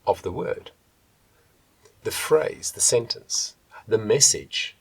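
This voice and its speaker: A man working as a vocal coach, teaching vocal technique to the camera and shifting between soft and loud demonstrations. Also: medium pitch, slightly rough, dry recording.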